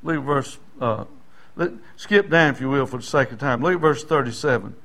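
A middle-aged man preaching a sermon, folksy and storytelling, rising now and then into shouting. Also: mid-range voice, brisk, vocal fry. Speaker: pastor.

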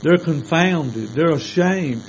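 An older man preaching in a drawl, his voice sitting a little higher than most men's. He tells his sermon as a homespun story, plain and folksy. A faint electrical hum runs underneath. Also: expressive, slow pace, rough recording.

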